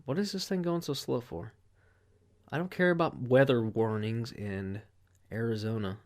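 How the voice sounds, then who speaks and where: A man's voice: mid-range voice, normal speed. A man hosting a solo podcast, telling rambling, profane stories with lots of fillers. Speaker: podcast host. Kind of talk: casual solo podcast monologue.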